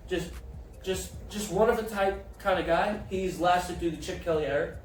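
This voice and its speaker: A man hosting a casual sports chat, joking loudly and swearing freely. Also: high-pitched, moderate pace, reverberant, recorded from a distance, slight background noise, low-quality recording. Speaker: podcast host.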